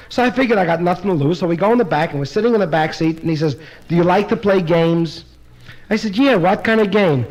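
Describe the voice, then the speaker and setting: A man's voice: sits high, close to an everyday voice, low-quality recording. A man voicing a young woman who recounts her story to a judge in a chatty run-on way.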